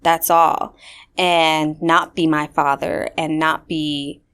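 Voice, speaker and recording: A woman in her late twenties hosts a podcast, telling stories in casual chat packed with "like" and other fillers and acting out quotes animatedly. Her voice is deep, slow, clear, and resonant.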